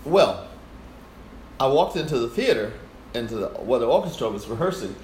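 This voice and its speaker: An older man recalls a story as an interview guest, animated and acting out the voices as he goes. His pitch rises and falls freely. The room around him is echoey, with a faint hiss. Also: moderate pace. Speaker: guest performer. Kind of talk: storytelling in conversation.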